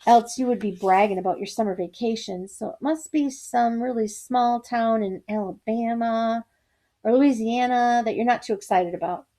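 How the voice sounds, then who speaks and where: A woman's voice: on the high side, fairly even intonation, normal speed, dark tone, close to an everyday voice. A woman voicing a nerdy, hopeful teen boy who can read minds, bargaining eagerly. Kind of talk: storytelling performance.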